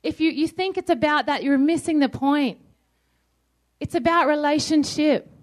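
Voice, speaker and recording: A high-pitched woman from Australia delivers a sermon in an easy, conversational way. She keeps asking her listeners questions and answers them herself. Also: normal speed. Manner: conversational, asks the crowd questions. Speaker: preacher.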